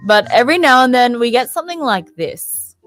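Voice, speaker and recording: A woman narrating a news feature in a clear, measured, scripted way. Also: on the high side, animated, a bit bright, faint music behind.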